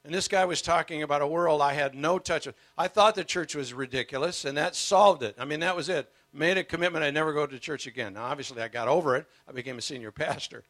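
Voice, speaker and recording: A man's voice: on the high side, quick pace, few pauses, a bit bright, dry recording. An older man preaching as a guest speaker, earnest and emotional, telling his story with humor. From United States. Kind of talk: sermon.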